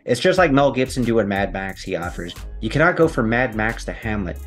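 A man with a fairly low voice reads an old magazine article aloud, then drifts into easygoing, chatty remarks of his own. Soft music plays faintly underneath. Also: sing-song, brisk. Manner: laid-back, chatty asides between read passages. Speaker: video host. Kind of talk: reading a magazine article aloud with casual commentary.

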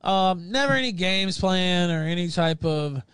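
A man's voice: high-pitched, expressive, measured pace, fairly bright tone, clear, resonant tone, no room sound, clean studio sound. A man hosting a livestream show, ranting angrily with heavy swearing and insults. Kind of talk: profane ranting talk.

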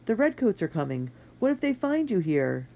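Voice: mid-range voice, animated, fast, mellow, pitched above the performer's own voice, close to an everyday voice. A narrator voicing an earnest young boy who is brave and anxious, speaking urgently. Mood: pressing.

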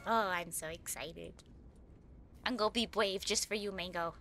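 A woman streaming a horror game, giddy and excitable, laughing often as she thanks her viewers. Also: lowish voice, moderate pace, slight background noise. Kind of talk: live gameplay commentary.

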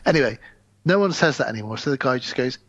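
This adult man, who has a wife and in-laws, co-hosts a podcast and chats casually about films in a fast, mid-range voice. He's animated, acts out scenes in voices and laughs often. The lo-fi recording sounds dull and dry, with slight background noise.

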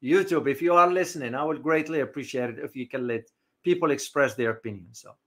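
A man's voice: medium pitch, fast, fairly bright tone. A man hosting a live geopolitics stream, talking off the cuff with lots of fillers and answering viewers in the chat. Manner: reads out chat comments, rambling with many fillers. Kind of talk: unscripted live-stream commentary.

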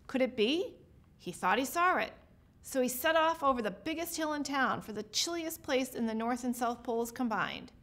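A high-pitched woman reads a holiday picture book to children in an expressive, lively way. Her delivery is warm-paced storytelling, bright and clear. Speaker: state representative reading a picture book. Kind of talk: children's story read-aloud.

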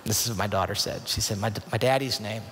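A man's voice: fairly low pitch, steady tone, quick pace, very noisy. A man in his thirties telling a personal story as a youth conference speaker, earnest and confiding, often restarting his sentences. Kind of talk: storytelling sermon. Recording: long hall reverb.

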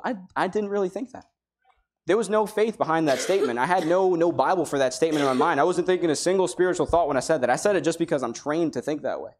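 A man preaching a sermon in a church, his voice a touch high for a man. He talks to the congregation in a loose, conversational way, slipping into the voices of the people he quotes. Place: church sanctuary.

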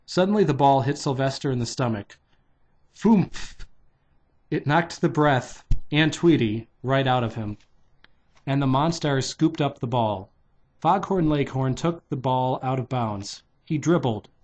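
A man's voice: mid-range voice, a little slow, darkish tone. A man reading a children's novelization aloud in a loose, unpolished way, stopping to redo lines. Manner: loose, unpolished delivery with restarts and "take two" retakes. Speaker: reader.

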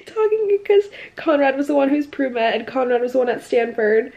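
A young woman vlogging casually about books, ranting with animated exasperation and acting out quoted lines. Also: high-pitched, moderate pace, few pauses. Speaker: book vlogger. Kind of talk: casual chat.

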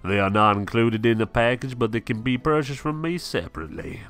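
A man voicing a friendly, businesslike male storekeeper in a game, reading slowly and matter-of-factly. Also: medium pitch, a bit bright, faint music behind, close to an everyday voice.

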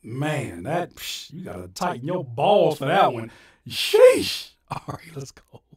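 A man, a rapper and producer, singing short choir takes and muttering quick asides about the session in his music studio. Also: fairly high pitch, sing-song, far from the mic. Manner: sings short harmony takes between quick mumbled asides. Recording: roomy, off-mic, loud music behind. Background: loud keyboard and organ music.

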